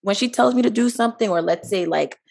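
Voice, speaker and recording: A woman's voice: mid-range voice, fast, vocal fry, a little mellow. A young woman co-hosting a podcast in casual chat, talkative, laughing often and acting out what others said. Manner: chatty, laughs often, acts out quotes. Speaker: podcast co-host.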